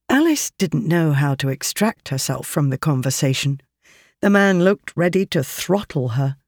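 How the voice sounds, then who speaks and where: Steady audiobook narrator, dry sound. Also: medium pitch, normal speed, no echo. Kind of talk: scripted narration.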